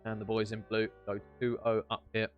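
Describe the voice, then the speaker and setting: A man's voice: fairly low pitch, completely flat delivery, brisk, clean tone, phone-quality sound, soft background music. Man casting an esports match. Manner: chatty, banters with co-caster between rounds. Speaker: esports caster. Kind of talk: live esports play-by-play commentary.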